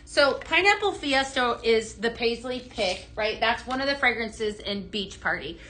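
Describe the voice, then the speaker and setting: A woman's voice: a little high, animated, unhurried, pushed and bright, a little hiss or hum. A young woman hosting a live home-products shopping stream, chatty and bubbly, reading viewer comments aloud as she goes. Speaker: live shopping show host.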